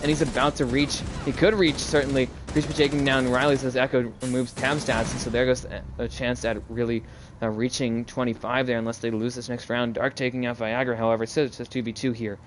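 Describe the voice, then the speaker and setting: A man casting an esports match on his own, mixing quick play-by-play with loose, rambling asides to viewers. He speaks into a close mic at a middling pitch. Gunfire and game sounds keep up clearly behind him. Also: flat delivery, a little hiss or hum. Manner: casual, rambling, chats with viewers between plays. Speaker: solo esports caster. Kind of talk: live esports play-by-play commentary.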